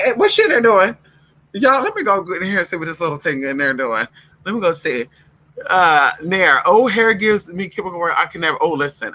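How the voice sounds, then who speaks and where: A man talks to his viewers in a loose, campy, foul-mouthed chat, calling everyone girl and honey. His voice is strikingly bright and a little high. His pitch swings widely as he goes. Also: rough recording. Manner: animated, breaks off to talk to his dogs. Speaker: vlogger. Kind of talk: casual livestream chat.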